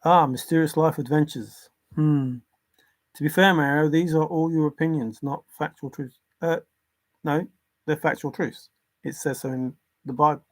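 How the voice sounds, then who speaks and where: A man with a fairly high voice hosts a casual livestream from home. He talks in an earnest, insistent way and stops to answer viewer comments. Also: steady tone, normal speed. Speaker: livestream host. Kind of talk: casual livestream talk on religion.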